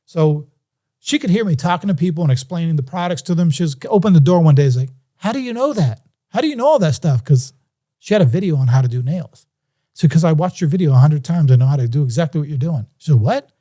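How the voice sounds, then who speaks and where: A man with a fairly high voice speaks fast as a podcast guest. He tells a story casually and animatedly, acting out the voices of the people in it.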